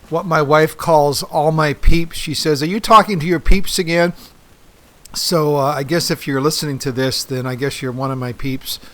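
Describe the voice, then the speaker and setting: A man's voice: on the high side, fairly bright tone. A middle-aged man hosting a podcast in a casual monologue, rambling with many ums, uhs and restarts. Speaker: podcast host.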